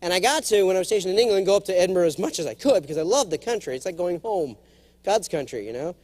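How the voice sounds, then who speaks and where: Man, middle-aged, keynote speaker, humorous motivational speech, high voice, very lively pitch, jokey, animated. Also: quick pace. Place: large conference hall.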